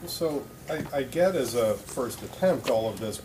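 A man in a class asking the teacher a question in a measured, questioning way. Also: mid-range voice, expressive, darkish tone. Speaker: class participant. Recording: distant, noisy room recording.

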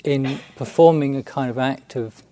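A man, a Buddhist monk, telling a story in a halting, unhurried way with many restarts and fillers. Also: medium pitch, warm tone, slight background noise. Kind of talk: storytelling talk.

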